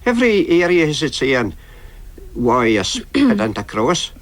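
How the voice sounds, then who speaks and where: A man in his seventies with a northeast Scots accent, speaking as a panel guest in a slow, plain way. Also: on the high side, sing-song. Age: 70s. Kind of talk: panel discussion.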